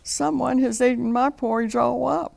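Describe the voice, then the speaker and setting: A woman voicing a small, whiny baby bear in a children's storybook reading, in a high, plaintive voice. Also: steady tone, normal speed, gravelly, a little mellow. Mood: upset.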